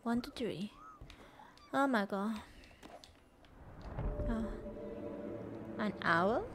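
A woman's voice: on the high side, animated, extremely slow, background noise. A woman streaming a video game, emotional, with whispered gasps and exclamations. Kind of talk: game commentary.

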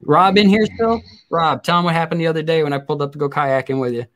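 A man's voice: on the high side, fast, a bit bright. A man in his forties hosting a casual chat, telling crude stories and laughing often. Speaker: host.

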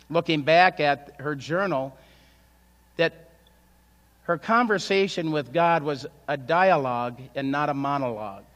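A pastor preaches in a conversational way, often turning to rhetorical questions. His voice sits somewhat high for a man. The sound carries a long reverb from the church hall. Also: a bit bright. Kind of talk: sermon. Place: church sanctuary.

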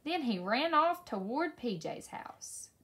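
A woman reading a children's story aloud in a slow, expressive way. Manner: slow, expressive read-aloud with lively pitch. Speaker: story reader.

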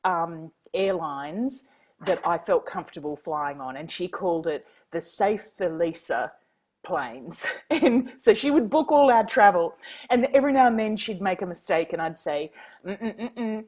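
An Australian woman from Queensland, a guest author telling lively stories, laughing often and acting out quoted dialogue. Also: fairly low pitch, moderate pace. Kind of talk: casual storytelling.

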